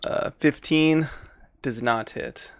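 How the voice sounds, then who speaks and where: A man's voice: on the high side, takes it slowly, noisy background. A man running a tabletop game as dungeon master, laid-back and laughing often as he narrates.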